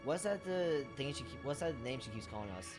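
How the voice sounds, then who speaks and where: A man's voice: medium pitch, lively intonation, brisk, music in the background, lightly acted. A man voicing a young clone soldier who politely asks his commander a question. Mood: curious. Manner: polite, asking a superior.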